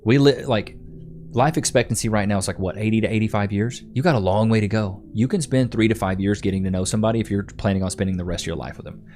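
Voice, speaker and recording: A man's voice: lowish voice, fast, a little mellow, faint music behind. A man in his thirties hosting a livestream, chatting casually with viewers and calling them bro and dude. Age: 30s. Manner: laid-back, slangy, calls viewers bro and dude. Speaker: livestream host. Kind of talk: casual livestream chat answering comments.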